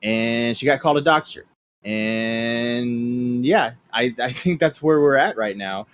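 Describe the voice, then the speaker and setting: A man hosting a casual podcast, talking quickly and offhandedly with fillers and crude humor. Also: mid-range voice. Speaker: podcast host. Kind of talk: casual podcast chat, reading messages aloud.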